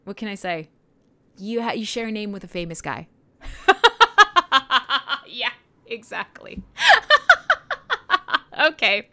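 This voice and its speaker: A woman's voice: medium pitch, slow, pauses often, pushed and bright. A woman from Canada hosting a casual internet radio livestream, chatting in a rambling way and laughing often. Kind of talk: casual livestream chat, reading chat questions.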